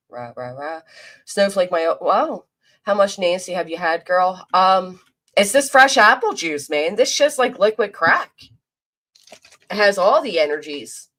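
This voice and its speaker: A woman's voice: lowish voice, a bit bright. A woman with a South Jersey accent near Philadelphia, giving blunt, profane live-stream commentary and answering her chat. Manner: reads and answers chat aloud.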